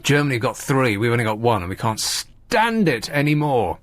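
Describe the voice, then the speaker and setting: A man's voice: medium pitch, big pitch swings, moderate pace, dry recording. Wry male radio host. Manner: sarcastic, mocking asides. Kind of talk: casual comic radio monologue.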